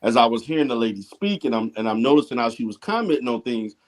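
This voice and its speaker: A man's voice: medium pitch, lively intonation, fast, poor audio. A man who is a licensed therapist, speaking as a livestream guest with assurance and frequent restarts.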